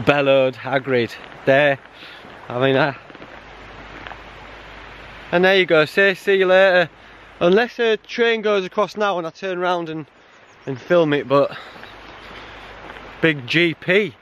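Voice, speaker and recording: A middle-aged man's voice, on the high side and a bit bright, comes through slowly with long pauses on a lo-fi recording with slight background noise. Vlogging a solo hike, he chats jokily to camera and laughs often, outdoors on the trail and then inside a bothy.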